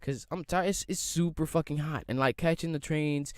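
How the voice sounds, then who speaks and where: A young man hosting a casual solo podcast, ranting in a profane, animated way and mocking people in quoted voices. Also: a little high, moderate pace, no echo, clean studio sound. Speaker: podcast host. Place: home room at a computer.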